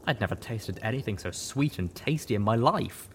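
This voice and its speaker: A man giving a first-person audiobook narration with steady storytelling. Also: lowish voice, normal speed, a little hiss or hum.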